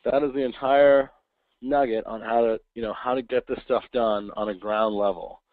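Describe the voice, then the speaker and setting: A man's voice: mid-range voice, steady tone, dry recording. Guy presenting a webinar, chatty, tinny dry phone-ish audio. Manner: casual, acts out quick voices of kids and parents. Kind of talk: informal webinar talk.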